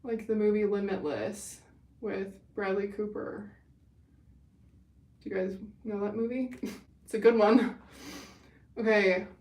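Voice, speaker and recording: A woman's voice: medium pitch, slow, long pauses, darkish tone, distant mic. A young woman hosting a casual livestream, bubbly and gushing as she chats with viewers, a little winded. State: winded from running. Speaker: livestream host. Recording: echoey room, away from the mic.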